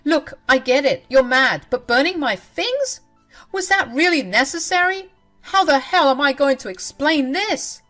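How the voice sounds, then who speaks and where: A woman voicing an angry, shouting cheating husband in a dramatic spoken story, with indignant, strained outbursts. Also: mid-range voice, expressive, moderate pace, faint music behind. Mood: furious. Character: cheating husband, man, angry then pleading.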